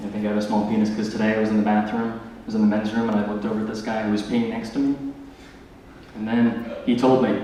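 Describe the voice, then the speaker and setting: A young man doing a stand-up comedy set, delivering awkward deadpan one-liners full of filler words. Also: lowish voice. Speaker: stand-up comic. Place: large hall with live audience. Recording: echoey hall, distant mic, loud noise.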